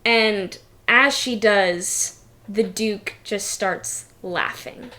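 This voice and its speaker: A woman's voice: mid-range voice, very slow, sharp tone. A woman narrating a tabletop game as game master, casual and full of fillers.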